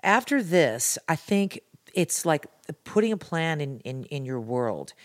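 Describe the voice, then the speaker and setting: Woman guest on a podcast, kinda low voice, earnest and rambly pep talk. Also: very animated, measured pace. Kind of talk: casual podcast chat.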